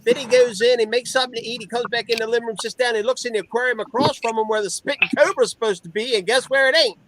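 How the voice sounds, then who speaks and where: A man hosting a live video chat, telling stories in an animated, folksy way. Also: extremely high pitch, quick pace, background noise. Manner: animated storyteller, folksy slang. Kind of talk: casual chat.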